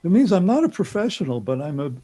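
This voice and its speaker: A man's voice: sits high, big pitch swings, fast, warm tone, poor audio. A man from New York with a New York accent, a guest talking in a chatty, reflective, self-deprecating way. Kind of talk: casual chat on a call-in show.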